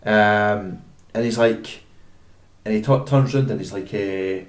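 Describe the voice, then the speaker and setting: A man's voice: fairly low pitch, slow pace, echoey room. A young Scottish man co-hosting a podcast, chatting casually and rambling with lots of fillers and restarts. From Scotland. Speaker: podcast co-host. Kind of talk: casual chat.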